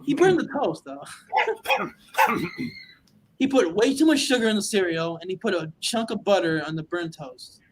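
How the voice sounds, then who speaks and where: Man, high voice, very lively pitch, casual movie chat, faint background hiss. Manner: excited, laughing, quick asides. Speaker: podcast co-host.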